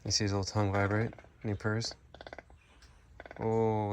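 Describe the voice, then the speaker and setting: A man's voice: fairly low pitch, monotone, normal speed, pauses often, slight background noise. A man who keeps an animal sanctuary, narrating a casual vlog outdoors, explaining animal care plainly and cooing at the animals.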